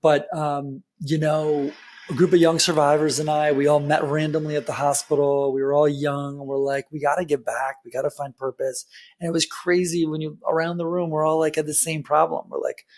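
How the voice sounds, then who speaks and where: A man's voice: a little high, flat delivery, brisk, darkish tone. A man, a podcast guest, speaking from home in an enthusiastic and affirming way. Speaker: podcast guest, nonprofit founder. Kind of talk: casual interview chat.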